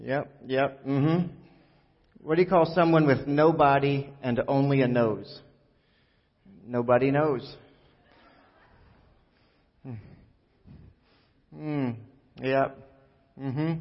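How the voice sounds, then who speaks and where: A pastor delivers a relaxed, joking sermon, full of fillers and asides. His voice rings out in a big echoey church hall. The recording sounds muffled and dull. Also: medium pitch, slow, pauses often. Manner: conversational, joking, many fillers.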